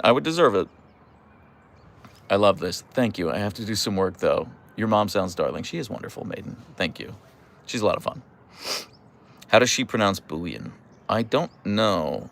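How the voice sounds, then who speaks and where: A man's voice: fairly low pitch, creaky, fairly bright tone. A man from Pittsburgh with a Pittsburgh accent, chatting casually on a livestream, reading viewer comments and teasing. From United States. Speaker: livestream host reading chat.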